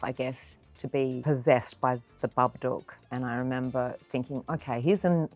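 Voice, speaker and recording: A middle-aged Australian woman, an actor, telling anecdotes in an interview in an expressive, storytelling way. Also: extremely low pitch, no echo. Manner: expressive storyteller who acts out quoted voices.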